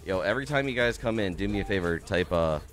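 A man's voice: sits low, animated, fast, soft background music. A young man streaming a game, chatting casually and upbeat, greeting viewers by name and swearing now and then. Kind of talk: casual live-stream chat.

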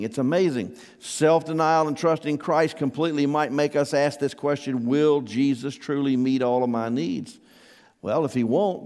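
A man's voice: mid-range voice, a little mellow, long reverb tail. A man preaching a sermon as pastor, conversational and asking his congregation questions. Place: church hall.

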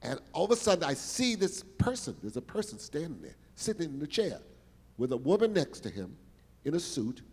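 An older man telling showbiz stories on stage, animated and exclamatory, repeating words for emphasis. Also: a little high, a little fast, slightly rough, big-room sound. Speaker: guest performer telling stories. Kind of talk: animated storytelling interview. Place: stage in a large hall.

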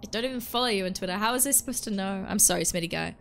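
A woman's voice: medium pitch, very fast, gravelly, a bit bright, a little hiss or hum. A woman chatting casually on a live stream while playing a game, joking and greeting her chat between yawns.

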